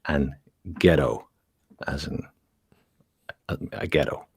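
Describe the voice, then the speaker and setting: A Scottish man with a very low, deep voice talks through a casual chat, explaining things with examples and laughing easily. His voice is recorded close and dry, with no room sound. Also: takes it slowly, darkish tone, slightly rough, dry recording. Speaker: guest ASMR creator.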